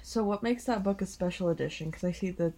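A woman co-hosting a podcast in casual chat, with a slightly raspy early-morning voice, tired but upbeat. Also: on the low side, fast talker, dark tone. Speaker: podcast co-host.

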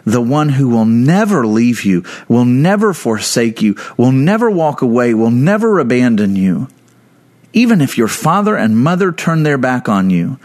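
A man preaching a sermon, earnest and building intensity with repeated phrases, slowing down to stress key words. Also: medium pitch. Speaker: pastor.

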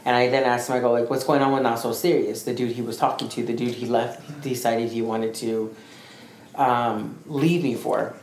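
A man co-hosting a podcast, telling a story in a rambling, animated way and acting out what others said. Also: medium pitch, moderate pace. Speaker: podcast co-host. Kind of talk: casual storytelling chat. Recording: echoey room with faint noise.

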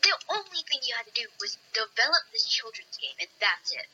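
A woman's voice: fairly high pitch, sing-song, fairly quick, pushed and bright, slight background noise, low-quality recording. A woman co-hosting a podcast, chiming in with exasperated casual remarks. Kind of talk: casual chat.

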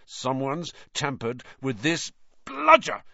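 A man voicing a gruff, loud teenage boy on a sports team. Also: medium pitch, huge pitch swings, takes it slowly, no room sound, dull audio, voice pushed up, full character voice. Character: blunt teenage boy twin beater.

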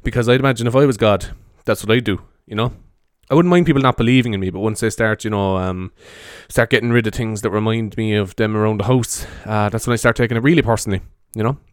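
A man's voice: fairly low pitch, fast talker, hardly any pauses, no room sound, clean studio sound. An Irish man rambling casually in a half-whispered ASMR style, talking into a handheld mic as he wanders around his bedroom. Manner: meandering, chatty, swears freely, soft hushed delivery. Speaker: podcaster. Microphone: handheld microphone carried around the room.

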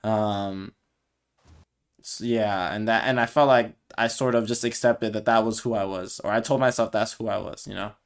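A young man co-hosting a podcast, speaking reflectively and softly in casual chat, with many fillers and restarts. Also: on the low side, steady tone, moderate pace. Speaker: podcast co-host.

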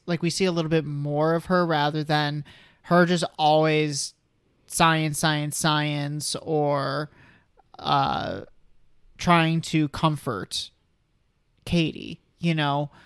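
Guy cohosting a podcast, smooth clear voice, dry mic, lots of stops and restarts. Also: fairly high pitch, a bit bright, no room sound. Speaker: podcast co-host. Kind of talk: casual film-review chat.

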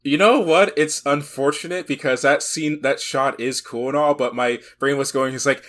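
A man's voice: medium pitch, steady tone, normal speed, few pauses, a bit bright. A man co-hosting a podcast who jokes around and laughs often in casual chat. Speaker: podcast co-host.

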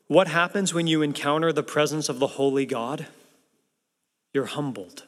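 Male pastor, emphatic sermon delivery, rhetorical questions, slightly high voice, long hall reverb. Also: moderate pace, fairly bright tone.

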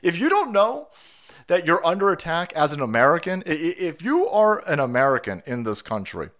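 Heated, profane ranting man. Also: a little high. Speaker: livestream host. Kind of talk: ranting political commentary.

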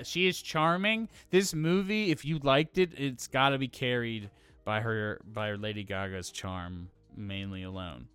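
Blunt male film critic, animated delivery, dry close sound. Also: medium pitch, clean tone, dry recording. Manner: blunt, opinionated, swears freely. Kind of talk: casual film review chat.

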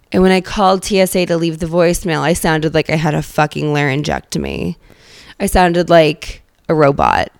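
A nasal, under-the-weather woman hosts a casual comedic podcast from inside her car with a handheld mic. Her voice is smooth and clear, and the sound is close and dry. She rambles sarcastically and swears freely. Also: fairly low pitch, no room sound. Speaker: podcast host. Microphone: handheld microphone.

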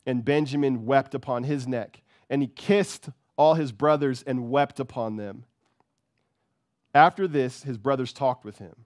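A man's voice: mid-range voice, unhurried, darkish tone, no room sound, clean studio sound. A man preaching a sermon with fervor, repeating words and often checking in with "right?". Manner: fervent, repeats words, keeps asking "right?".

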